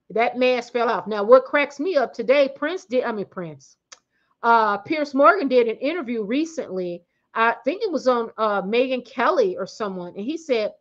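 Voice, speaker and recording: A woman's voice: high-pitched, dull audio. A woman giving blunt, slangy, emphatic commentary on her channel, often stopping and restarting her sentences. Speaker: commentary vlogger. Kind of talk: casual opinionated commentary.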